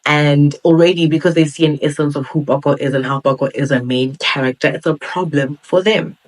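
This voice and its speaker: A woman's voice: sits low, fairly even intonation, a little fast, low-quality recording. Earnest young woman podcast host. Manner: earnest, motivational, with playful quoted asides. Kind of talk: solo podcast talk.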